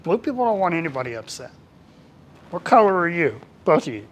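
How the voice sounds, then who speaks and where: Animated, colloquial workplace trainer. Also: mid-range voice, brisk. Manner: animated and colloquial, acts out quoted dialogue. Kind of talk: casual training presentation to a small group.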